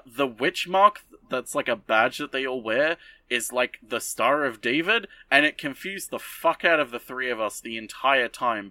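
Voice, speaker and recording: A man's voice: mid-range voice, bright, forceful tone, no echo, far from the mic. Brief: male podcast host, casual, sarcastic, rambling recap. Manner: rambling, sarcastic, lots of fillers.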